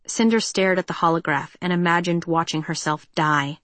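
A woman reading a story aloud as narrator, in a measured, even delivery. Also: on the low side, dry recording. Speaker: audiobook narrator. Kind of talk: scripted narration.

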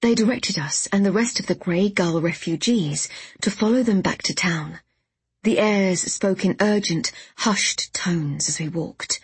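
A woman narrating a novel in the first person, with measured storytelling. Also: lowish voice, slightly rough, no room sound. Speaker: audiobook narrator.

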